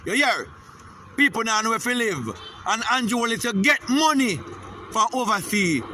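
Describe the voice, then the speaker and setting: Angry Jamaican man ranting, high voice. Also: sing-song, moderate pace, bright, forceful tone, a little hiss or hum. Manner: heated, profane, repeats "you hear?". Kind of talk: angry political rant.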